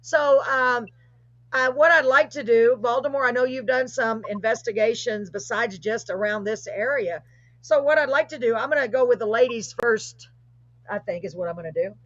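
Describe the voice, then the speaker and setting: A woman hosts a live stream from a video call, her voice a touch high and bright. She talks in a chatty, gushing way and apologizes readily. The sound is dull and dry, with no room around it. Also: moderate pace, no echo. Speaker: host. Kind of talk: live call-in show chat.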